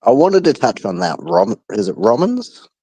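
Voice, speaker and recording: A man calling into a football phone-in from abroad, speaking in a measured way with dry humour. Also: mid-range voice, huge pitch swings, mellow, slightly rough, no echo, low-quality recording. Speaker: caller. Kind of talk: casual phone-in chat.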